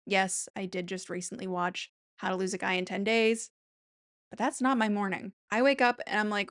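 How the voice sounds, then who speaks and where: A woman hosting a casual commentary, her voice sitting at an ordinary middle pitch. She talks in a chatty, exasperated way and leans on words with bursts of mock-dramatic emphasis. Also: fairly quick, fairly bright tone. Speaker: commentary host.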